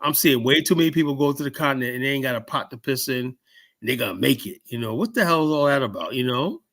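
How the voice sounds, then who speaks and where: A man's voice: mid-range voice, expressive, gravelly, fairly bright tone. A man hosting a casual chat, talking loosely with plenty of swearing and fillers. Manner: loose and profane, drawn-out fillers. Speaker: podcast host.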